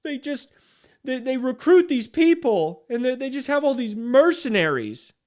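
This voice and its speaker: Man doing a high whiny voice, mocking leftist caricature, sneering, sing-song. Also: sing-song, normal speed, a little mellow. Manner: sneering, high-pitched mockery.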